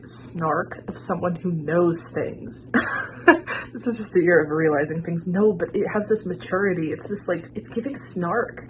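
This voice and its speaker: A woman's voice: fairly low pitch, noisy background. A young woman chatting casually as she reacts to an album, gushing and filling her talk with "like". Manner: gushing, chatty, many "like" fillers. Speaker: music reaction vlogger.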